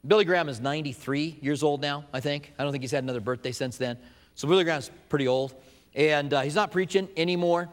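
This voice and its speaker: A man's voice: fairly high pitch, quick pace, long reverb tail. A man preaching a sermon as pastor, with an emphatic, repetitive cadence.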